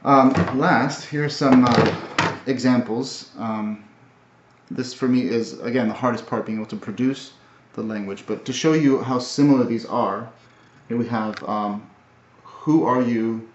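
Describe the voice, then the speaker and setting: A man recapping his language studies in a casual video, talking in a halting, thoughtful way with many fillers and restarts. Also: mid-range voice, slight background noise. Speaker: language learner. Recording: roomy, dull lo-fi audio.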